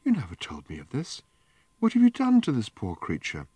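A man's voice: on the low side, sing-song, fast talker, no room sound, pitched above the performer's own voice. A man voicing an earnest, easily alarmed young woman in an audiobook, with a lightly raised, urgent voice.

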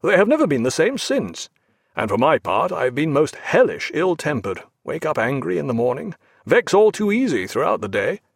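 A man voicing a hearty, earnest male naval captain in an audiobook, brisk and commanding. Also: a little high, wildly swooping pitch, vocal fry, husky, no room sound, clean studio sound, full character voice. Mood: rueful.

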